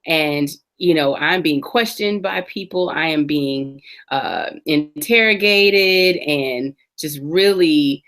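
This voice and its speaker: Guest, woman in her forties, low, warm-toned speaker, earnest and reflective, telling her life story. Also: slow pace, few pauses. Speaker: interview guest. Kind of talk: personal testimony in an interview.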